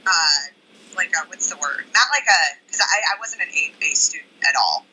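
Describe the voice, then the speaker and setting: A woman's voice: low-pitched, lively intonation, moderate pace, sharp tone, slightly rough, low-quality recording. A young woman, a podcast guest, telling stories in an eager casual chat with lots of "like" fillers. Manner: eager storyteller, many fillers like "like".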